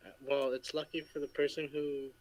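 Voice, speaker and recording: A man's voice: a little high, little pitch movement, brisk, poor audio. A man co-hosting a casual stream chat, teasing and playful. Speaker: co-host.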